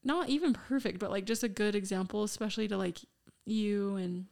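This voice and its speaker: Young woman rambling thru a story on her podcast, lots of "like", normal pitch. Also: a little fast, creaky, darkish tone. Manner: chatty storytelling full of "like". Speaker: podcast co-host. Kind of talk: casual chat.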